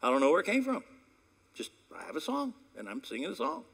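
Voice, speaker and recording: A male pastor delivering a sermon with a somewhat high voice that rises and falls a lot. He talks in a conversational storytelling way, then jumps to loud peaks or drops to hushed asides. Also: huge pitch swings, fast talker, creaky, husky.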